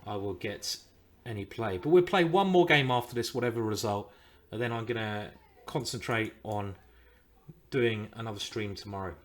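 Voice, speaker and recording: A man streaming live chess, thinking aloud about his moves and swearing and groaning when things go wrong. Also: medium pitch.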